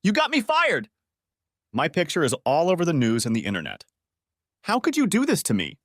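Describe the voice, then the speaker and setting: A man voicing a shrill, whining wife. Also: huge pitch swings, fairly quick, a bit bright, dry recording, clean studio sound, heavily acted. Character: bitter fired wife, whining and shouting.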